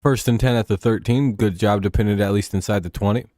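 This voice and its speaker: A tired, yawning man hosts a live stream watch-along of a football game, rambling, joking and swearing as he calls the action. His lowish voice is steady, quick and mellow, in clean studio quality with no room sound.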